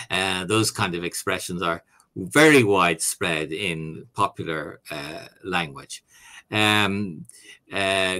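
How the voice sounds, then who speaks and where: A man's voice: low-pitched, a little slow, bright, forceful tone. A man, an author and academic, answering questions on a video call in a hesitant conversational way with many fillers and restarts. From Ireland.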